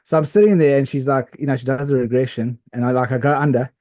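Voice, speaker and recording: A man co-hosting a podcast, telling a story in a rambling, animated way with lots of fillers and restarts. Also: medium pitch, fast, no room sound. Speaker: podcast co-host. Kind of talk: casual storytelling chat.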